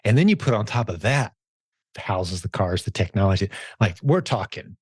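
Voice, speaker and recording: A man's voice: lowish voice, expressive, normal speed, breathy edge, no room sound, studio quality. A man hosting a podcast interview, talking emphatically and casually, often calling his guest "dude". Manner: emphatic, says "dude" a lot. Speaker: podcast host.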